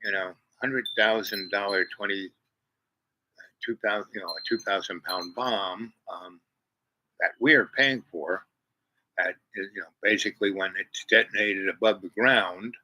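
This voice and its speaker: A man's voice: on the low side, fairly even intonation, a little slow, bright, forceful tone, a little hiss or hum, low-quality recording. A man rambling to camera in a meandering monologue, full of "you know" and restarts, sitting outdoors on a porch. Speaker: vlogger.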